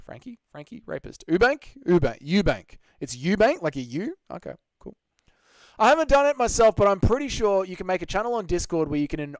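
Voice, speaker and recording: A man's voice: a little high, a little mellow, no echo. A young Australian man hosting a casual live Q&A, reading out chat and joking crudely with lots of swearing. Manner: crude, joking, swears a lot, laughs often. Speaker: livestream host.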